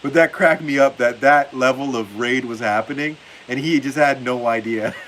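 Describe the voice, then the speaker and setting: A man with a mid-range, fairly bright voice hosts a football livestream at a moderate pace, casually reading viewer comments and laughing often. The audio is poor, with a faint hiss underneath.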